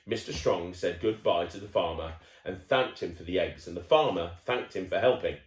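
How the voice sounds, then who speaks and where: A man's voice: low voice, normal speed, reverberant. A man reading a children's picture book aloud, playful and chatty, breaking off to talk with the child listening. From United Kingdom. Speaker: children's storyteller.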